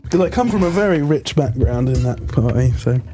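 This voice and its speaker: A young British man, a guest player in a casual interview, speaks fairly quickly in an expressive, dark, mid-range voice. He rambles, with plenty of fillers and restarts.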